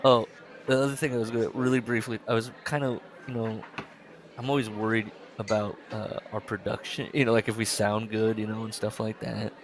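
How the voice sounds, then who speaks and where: Rambling man with a lowish voice. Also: little pitch movement, fairly quick. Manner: rambling storyteller with many fillers and restarts. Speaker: podcast co-host. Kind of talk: casual chat.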